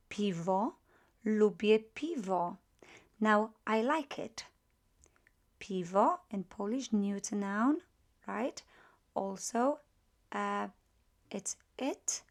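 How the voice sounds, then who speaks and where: A woman teaching a grammar lesson, patient and methodical, repeating practice phrases slowly and with emphasis. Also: a little high, gravelly, darkish tone. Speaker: language teacher. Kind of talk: grammar lesson with spoken drills.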